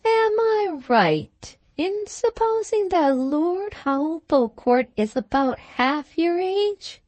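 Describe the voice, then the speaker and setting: A woman doing a shrill scandalized society lady. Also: expressive, slow pace, a little mellow, no echo, exaggerated voice. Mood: indignant. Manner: shrill, disapproving and bitter.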